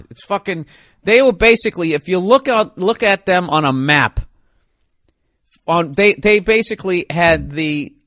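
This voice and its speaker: A man with a somewhat high voice rants in a rambling comedic monologue, excitable and profane, often mocking himself. He talks close to the mic in a dry, dead room. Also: dry recording. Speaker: podcast host.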